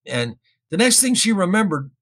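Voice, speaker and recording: Man with a raspy, gravelly voice, telling a story in a rambling, casual way. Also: high-pitched, moderate pace. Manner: rambling, repeats words, animated when quoting others. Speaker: guest recounting an experience.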